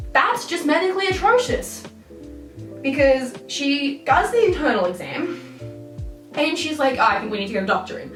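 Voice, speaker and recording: A woman's voice: on the high side, fairly bright tone, far from the mic. A young woman vlogging a candid, rambling story in an exasperated storytime manner. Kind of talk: storytime vlog. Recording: roomy echo, off-mic, music behind.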